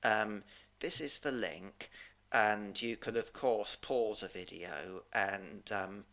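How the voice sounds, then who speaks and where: A man teaching English in an online question-and-answer session, explaining in a measured, formal way over a video call. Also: on the low side, fairly bright tone.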